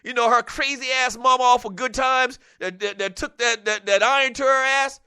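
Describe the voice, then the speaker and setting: A man hosting a call-in sports talk show, talking in an animated, casual way, laughing often and dropping "man" into his sentences. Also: very high voice, normal speed, smooth, no echo, clean studio sound.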